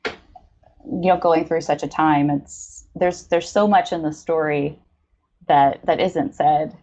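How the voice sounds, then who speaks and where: A woman's voice: deep voice, steady tone, takes it slowly, warm tone. A woman co-hosting, talking enthusiastically and in a rambling way. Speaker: co-host. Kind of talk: casual chat.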